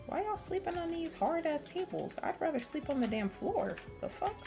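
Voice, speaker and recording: A woman's voice: very high-pitched, very animated, moderate pace, creaky, music in the background. A woman streamer giving casual, crude commentary full of swearing while she plays a game.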